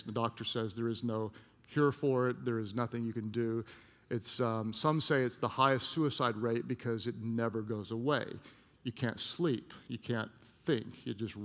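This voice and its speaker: A male pastor preaching a sermon, telling a personal story and dropping to a hushed voice at emotional moments. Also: medium pitch, gravelly, in a large hall. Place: church auditorium.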